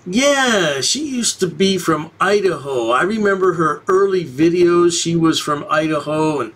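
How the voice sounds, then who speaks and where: Mocking man with a lively voice. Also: fairly high pitch, unhurried. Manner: mocking, sing-song taunting. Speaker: commentary channel host. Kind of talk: sarcastic commentary over video.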